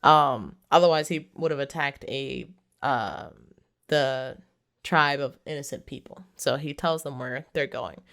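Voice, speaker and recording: This movie reviewer has a very deep voice, a little slow and a bit bright. She recaps a film's plot casually and chattily, full of "like" and laughter as she retells it.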